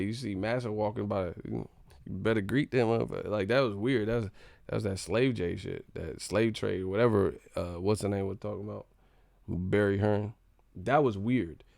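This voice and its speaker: A young male stream host for boxing, with a gravelly voice and a dry, close sound, rambling and profane. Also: fairly low pitch, a little mellow, no room sound. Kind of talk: live-stream commentary.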